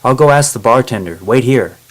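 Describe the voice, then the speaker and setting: A man's voice: mid-range voice, lively intonation, a little fast, natural voice. A man voicing a knowledgeable grown man guide who explains things plainly, in a storybook reading. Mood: informative. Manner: explaining, informative.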